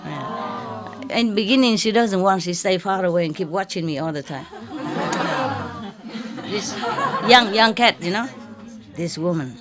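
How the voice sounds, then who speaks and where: Slow, playful woman teacher lecturing. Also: medium pitch, animated, a crowd in the background. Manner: playful, joking storyteller who imitates cat meows. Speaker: spiritual teacher giving a lecture. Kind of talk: informal lecture anecdote to an audience. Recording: live audience laughter behind.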